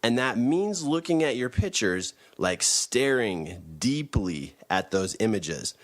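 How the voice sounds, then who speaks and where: Emphatic man coaching with lively pitch. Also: takes it slowly. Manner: emphatic, repeats key phrases. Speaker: motivational teacher. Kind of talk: motivational teaching talk.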